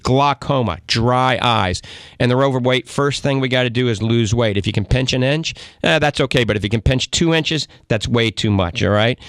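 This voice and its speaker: Folksy Cajun radio host, dry mic. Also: male voice, mid-range voice, no echo. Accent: Cajun New Orleans. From Louisiana. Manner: chatty, folksy, keeps saying "all right?". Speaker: radio talk show host and doctor. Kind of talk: live call-in radio talk.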